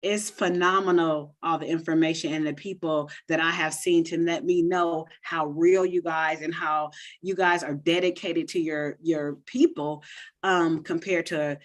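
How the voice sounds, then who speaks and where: A woman's voice: low voice, steady tone, a little slow. A woman on a video call, effusively thanking the hosts and full of gratitude. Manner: effusive, grateful. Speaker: participant giving thanks. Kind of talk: grateful testimony on a live call.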